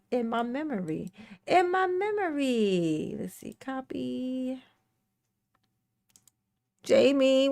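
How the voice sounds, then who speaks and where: A woman's voice: a little high, vocal fry. A woman hosting a casual livestream, playfully greeting chat viewers by name and breaking into bits of song. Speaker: livestream host.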